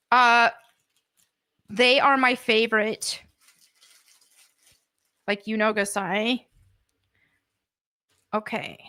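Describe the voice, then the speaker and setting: American woman, high pitch, bright voice, excitable, gushing, live unboxing stream. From United States. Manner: excitable and gushing, with gasps and laughs. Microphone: desk mic.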